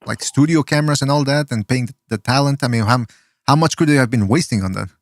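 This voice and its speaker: A man hosting a podcast and taking callers, talking in an excitable, chatty way and swearing casually. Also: medium pitch, fast, no echo. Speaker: podcast host.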